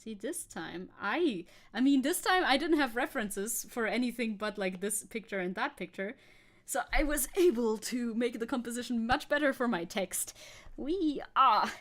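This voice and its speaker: A woman streamer chatting casually as she paints. Her voice sits a little high, and her talk is playful and rambling, full of jokes at her own expense. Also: animated, normal speed, fairly bright tone. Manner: playful, rambling, self-joking. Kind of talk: casual live-stream chat.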